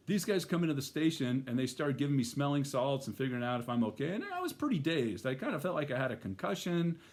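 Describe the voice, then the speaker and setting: A man's voice: mid-range voice, big pitch swings, fast talker. A middle-aged man telling a personal story in a casual, rambling way, full of fillers and restarts. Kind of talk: first-person spoken storytelling.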